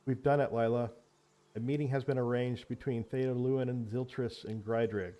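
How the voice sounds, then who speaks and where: A man's voice: medium pitch, steady tone, normal speed, mellow, voice pushed up, natural voice. A man voicing a male adventurer in a tabletop game, speaking with confidence but keeping a respectful tone. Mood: confident.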